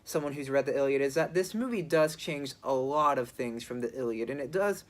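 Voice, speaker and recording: A film reviewer talking casually and unscripted, often pausing, restarting sentences and leaning on "you know" fillers. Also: mid-range voice, lively intonation. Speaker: movie reviewer. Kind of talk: casual spoken movie review.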